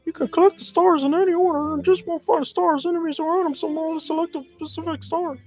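Woman putting on a squeaky cartoon-mouse mushroom helper. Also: fairly even intonation, a little fast, darkish tone, faint music behind, poor audio. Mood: chipper. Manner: reading on-screen hints aloud in character. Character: squeaky little male mushroom helper, cheerful.

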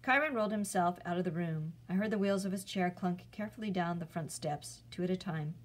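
A woman, a teacher, reading a chapter book aloud in a clear, steady storytelling voice. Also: fairly low pitch, fairly quick, poor audio.

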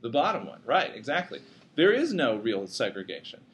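A man lectures a psychology class casually, joking with his students and poking fun at himself. His mid-range voice is very animated and fairly bright, delivered at a moderate pace.

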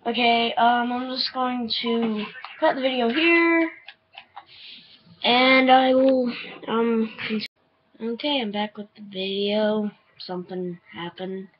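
A young woman commentating her own shooter gameplay, swinging between easy chatter and yelling and swearing at other players. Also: a little high, slow pace. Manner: excitable, yelling and swearing at opponents. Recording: dull lo-fi sound.

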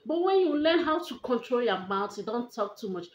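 A young Nigerian woman with a Nigerian accent chatting on her vlog and giving advice in an animated way, repeating herself for emphasis. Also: on the high side, normal speed, roomy sound, lo-fi sound. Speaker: vlogger.

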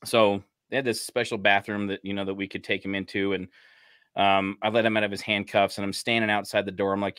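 A man's voice: on the low side, level tone, brisk, a bit bright, clear, resonant tone, no room sound. A man who works as a police officer, telling stories in a laid-back, casual chat full of "you know" fillers. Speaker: podcast host, police officer.

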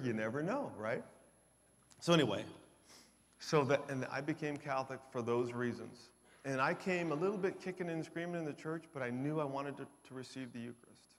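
A middle-aged man speaking at a conference, giving an emotional testimony that swings from hushed to loud. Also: medium pitch, fairly quick. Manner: emotional, builds from quiet to loud. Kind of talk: testimony talk. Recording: long hall reverb.

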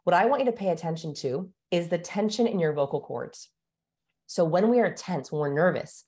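With a lowish, darkish voice, this woman guest speaks expressively at a moderate pace. She's a communication expert who teaches how to speak, demonstrating vocal tones in an instructive coaching style.

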